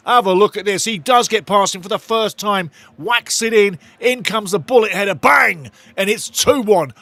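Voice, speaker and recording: A man hosting a live football watch-along, commenting as a fan and talking to the viewers in chat. He gets excitable and loud and swears a lot. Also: high voice, normal speed, dry recording.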